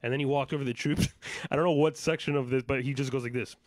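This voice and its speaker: A man hosting a casual live podcast, joking and hyped as he shouts out viewers, sounding a little fatigued. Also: medium pitch, steady tone, fast talker, no echo, studio quality. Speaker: podcast host.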